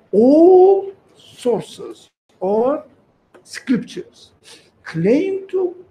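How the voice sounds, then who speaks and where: A man's voice: high-pitched, mellow, a little hiss or hum. Emphatic man lecturing in an echoey room. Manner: emphatic, repeats key phrases, asks the audience questions. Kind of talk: lecture to a small group. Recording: echoey room with faint ambience.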